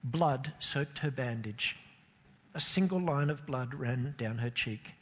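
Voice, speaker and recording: Husky man reading a story dramatically. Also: mid-range voice. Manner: expressive, emotional, with slow pauses. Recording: long hall reverb.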